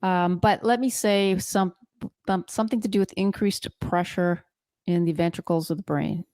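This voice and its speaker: Low-voiced woman, lively doctor co-host. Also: normal speed, dry recording, clean studio sound. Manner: lively storyteller, guesses at diagnoses. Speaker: podcast co-host, physician. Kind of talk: casual podcast chat.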